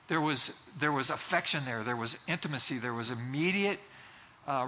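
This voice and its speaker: A man delivers a sermon to his congregation in a loose, conversational way, circling back and restarting his phrases. His voice is very bright and sits a little high for a man. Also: a little hiss or hum. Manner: conversational preaching with fillers and restarts. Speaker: pastor.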